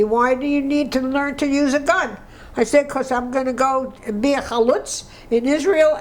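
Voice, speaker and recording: A woman in her nineties speaks in a high-pitched voice on a rough recording. Crying through an oral history interview, she reminisces emotionally and tearfully, with restarts.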